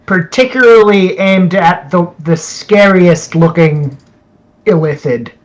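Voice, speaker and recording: Man, tabletop game player, fairly high voice, slow, hesitant, many fillers. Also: poor audio. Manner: hesitant, lots of fillers, unhurried. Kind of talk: casual tabletop game play.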